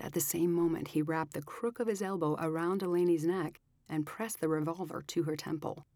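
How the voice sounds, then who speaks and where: Low-voiced woman narrating a thriller. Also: steady tone, moderate pace, mellow, no room sound. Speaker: audiobook narrator. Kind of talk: scripted narration.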